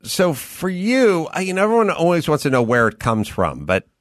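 A man's voice: on the high side, wildly swooping pitch, moderate pace, no room sound, clean studio sound. A man interviewing a guest in an easygoing, thoughtful conversation.

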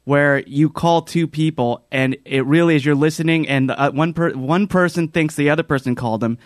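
A man guest in a casual talk show, explaining a prank haltingly with restarts. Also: fairly high pitch, dry recording, studio quality. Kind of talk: casual chat.

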